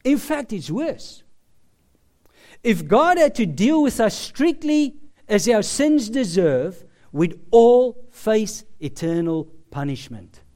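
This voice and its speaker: Man preaching a sermon, high voice, very lively pitch, emphatic, slow with dramatic pauses.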